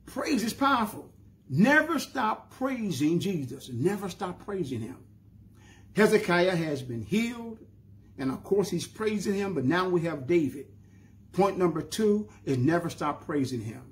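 Southern preacher, man, high-pitched voice, emphatic bursts and stretched-out phrases. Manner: preaching with rising emphatic bursts and slow drawn-out lines. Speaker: pastor. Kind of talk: sermon.

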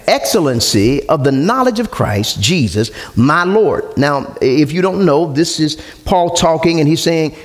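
A pastor with a high voice preaches to his congregation. He calls out questions for them to answer and climbs to loud shouts. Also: lively intonation, a little slow. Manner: call-and-response preaching, rising to shouts. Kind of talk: sermon. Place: church sanctuary with congregation.

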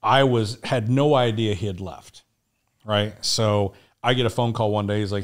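A man's voice: lowish voice, normal speed. A man telling war and contracting stories as a podcast guest, acting out dialogue, laughing and swearing casually. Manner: animated, acts out dialogue, laughs often, swears. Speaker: podcast guest, Navy SEAL veteran. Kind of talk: casual storytelling interview.

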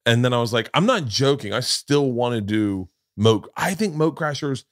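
A man hosting a podcast, telling comic stories in a casual, animated way and acting out quoted lines with big jumps in pitch. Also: normal speed, no echo, studio quality. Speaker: podcast host. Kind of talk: casual comedic storytelling.

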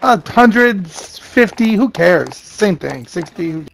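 A man's voice: high-pitched, animated, slow pace, gravelly, a little hiss or hum. A man streaming games and chatting casually, blunt and swearing freely. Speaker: gaming streamer and company owner. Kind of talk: casual gaming chat.

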